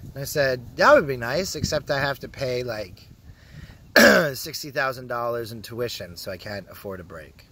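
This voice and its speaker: Lively crude-joking young man outdoors. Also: medium pitch, normal speed, a little hiss or hum. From Canada. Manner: crude, joking, often drops to a hushed mutter. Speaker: vlogger. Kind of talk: casual rambling vlog.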